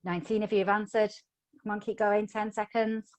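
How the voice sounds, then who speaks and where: A woman's voice: mid-range voice, little pitch movement, brisk, a little mellow. A middle-aged woman training teachers in phonics over a video call, upbeat, coaxing and playful. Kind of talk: live online teacher training.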